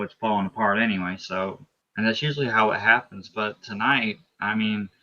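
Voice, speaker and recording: A man's voice: on the low side, sharp tone, lo-fi sound. A man talking as a race driver in a post-race interview, explaining his moves at length with restarts and asides.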